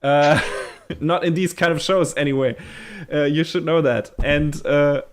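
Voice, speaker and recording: A man's voice: a little high, steady tone, unhurried, smooth. A man co-hosting a podcast, chatting enthusiastically, laughing often and swearing casually. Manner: frequent fillers and restarts. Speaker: podcast co-host. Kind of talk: casual chat.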